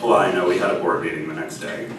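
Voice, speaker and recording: A man telling a funny personal story on stage, in an animated, self-mocking way, with sung bits. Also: deep voice, fast talker, recorded from a distance, over a noisy crowd. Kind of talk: live stage storytelling with songs. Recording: echoey stage audio from afar with music.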